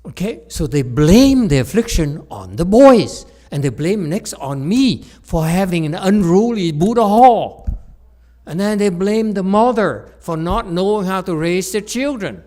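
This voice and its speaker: A man giving a teasing dharma lecture in a Buddhist hall, laughing often, repeating himself, and moving from soft asides to loud emphasis. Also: high voice, animated, a little slow.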